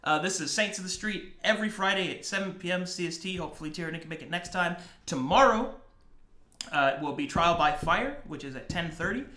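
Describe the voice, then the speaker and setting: A man running a tabletop game stream, signing off with animated, joking chatter. His voice is high and very bright, with lots of swing in pitch. The room around him has a noticeable echo. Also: fairly quick. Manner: laughing, animated, swearing banter. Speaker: game master. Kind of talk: casual stream outro chat.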